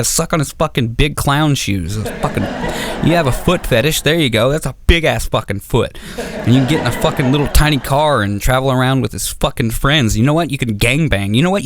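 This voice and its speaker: A male stand-up comedian with a lively voice that swings high and low as he acts out both sides of his stories. He talks in a profane, animated way, and his voice sounds dry and close to the mic. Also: normal speed, dry recording. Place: comedy auditorium stage.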